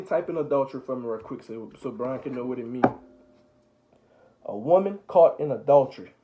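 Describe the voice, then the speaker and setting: A man's voice: medium pitch, dull audio, a little hiss or hum. Man casually explaining scripture. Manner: paraphrases scripture in relaxed slang. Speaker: older brother leading Bible study. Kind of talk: casual Bible reading and explaining.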